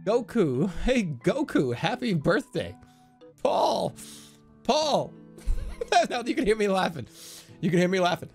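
Male streamer, 30s, high voice with big swings, goofy and profane. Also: big pitch swings, a little slow, pauses often, darkish tone, soft background music. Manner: playful, swearing, laughing, goofy voices. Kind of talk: live-stream gameplay commentary.

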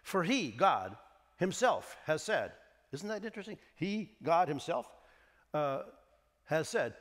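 High-voiced older man preaching. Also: big pitch swings, fairly bright tone, big-room sound. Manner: reads scripture slowly and emphatically, with light jokes. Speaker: pastor. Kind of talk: sermon. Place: church sanctuary.

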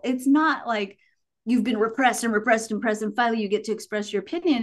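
Middle-aged woman, podcast guest, high-ish voice, animated storyteller. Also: brisk. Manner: animated storytelling, acts out quotes. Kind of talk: casual podcast chat.

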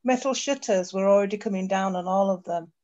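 A woman's voice: mid-range voice, fairly quick, slight background noise. Woman reading her own story. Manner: steady narration with occasional slips. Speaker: author reading her fiction. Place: home, video call. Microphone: computer mic on a video call. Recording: dull lo-fi video call audio.

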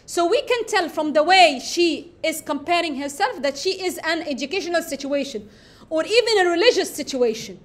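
A woman teaching a lesson that analyzes a poem, explaining step by step, repeating key phrases and pausing on fillers. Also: very high voice, lively intonation.

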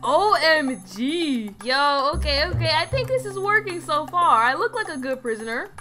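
A woman's voice: high voice, expressive, fairly quick. A woman narrating her roleplay game with indignant, dramatic reactions, talking to viewers, over game music. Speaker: gaming video narrator.

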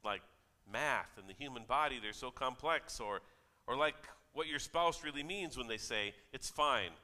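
A male pastor with a mid-range, expressive, pushed and bright voice preaches at moderate pace. His sermon is conversational, told through stories with quoted voices, and the recording carries church hall reverb.

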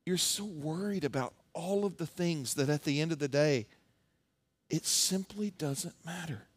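A man voicing a calm, gentle man who soothes a worried friend in a soft, reassuring way. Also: a little high, measured pace, slightly rough, no echo.

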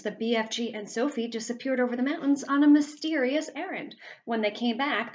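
A woman's voice: on the high side, muffled recording. Woman teacher reading a story aloud. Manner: chatty asides, explains words. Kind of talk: reading a children's novel aloud.

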